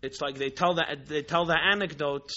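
A man teaching a religious class with lively, emphatic storytelling and rhetorical repetition. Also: on the high side, normal speed. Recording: dull lo-fi recording.

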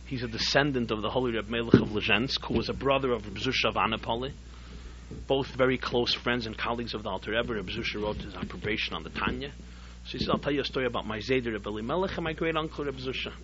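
A man teaching a Torah class as a rabbi, telling a story in an animated way that swells to emphatic peaks. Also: medium pitch, fast. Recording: dull lo-fi recording with faint hum.

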